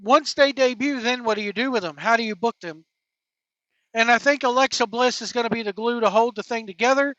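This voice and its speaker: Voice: medium pitch, brisk, a bit bright, no echo. A wrestling show host giving casual, informal commentary with slangy, emphatic phrasing. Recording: dull lo-fi, dry.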